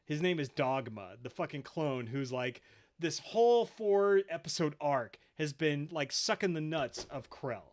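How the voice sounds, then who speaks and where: A man's voice: fairly high pitch, lively intonation, a little slow. A man hosting a podcast, retelling episodes casually with lots of swearing and quoted voices. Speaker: podcast host. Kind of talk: casual chat.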